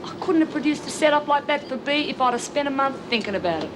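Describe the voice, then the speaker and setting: A scheming female prisoner with a mocking voice. She speaks high and lively. Clear hiss runs under the old TV soundtrack. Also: quick pace. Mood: sly. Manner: sly, mocking. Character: sly, scheming female prisoner who likes a bet.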